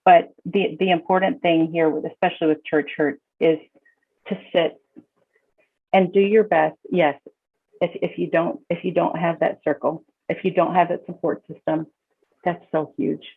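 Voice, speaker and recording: A woman's voice: fairly low pitch, steady tone, moderate pace, creaky, husky. Tinny-sounding woman counselor, emphatic. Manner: emphatic, repeats her words when starting a thought. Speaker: licensed counselor, podcast guest. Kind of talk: casual conversational advice. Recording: tinny phone-like call audio.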